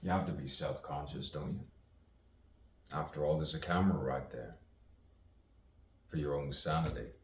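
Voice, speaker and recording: Low-voiced guy rambling to himself, sardonic, keeps asking himself questions, echoey room. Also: moderate pace, long pauses. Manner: musing, sardonic, asks himself questions, laughs at himself. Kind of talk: rambling self-recorded monologue. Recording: echoey room, distant mic, faint background noise.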